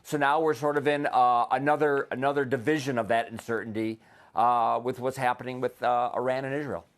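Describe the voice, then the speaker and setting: A man's voice: medium pitch, fairly even intonation, fairly quick. An American man, an economic policy analyst, answering questions in a live TV news interview with frequent restarts and fillers. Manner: hesitant, many restarts and fillers.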